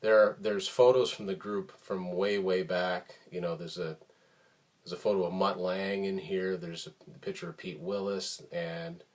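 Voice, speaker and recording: A man hosting a casual show about his music collection, talking in a relaxed, rambling way with many ums and uhs. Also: deep voice, a little slow. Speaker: host of a record collection show. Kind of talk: casual show-and-tell talk.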